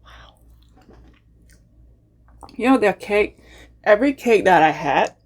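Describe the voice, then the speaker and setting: A woman hosting a mukbang, chatting casually between bites with relaxed, unhurried murmurs of enjoyment. She talks from her home apartment. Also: mid-range voice. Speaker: mukbang host. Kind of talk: casual ASMR eating chat.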